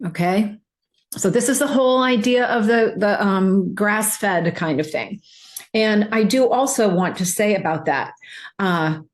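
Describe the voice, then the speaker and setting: A woman nutrition coach, talking casually over slides, rambling with many fillers and restarts. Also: mid-range voice.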